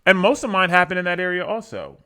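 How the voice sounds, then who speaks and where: Bright, lively man chatting. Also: sits high, quick pace, smooth. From Delaware, USA. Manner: conversational, restarts often. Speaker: podcast co-host. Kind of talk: casual podcast discussion.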